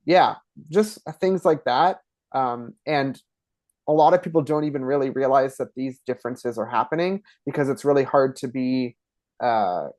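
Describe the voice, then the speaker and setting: A man's voice: mid-range voice, darkish tone, dry recording. A man from Ontario with an Eastern Canadian accent, chatting as a podcast guest and acting out word pronunciations as he explains them. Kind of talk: casual interview conversation.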